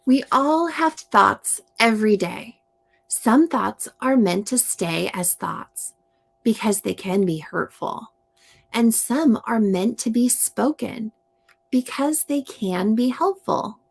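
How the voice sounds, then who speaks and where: A woman reading aloud and explaining to young children in a slow, gentle teaching manner. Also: fairly high pitch, animated, gravelly, husky. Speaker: storytime reader and teacher.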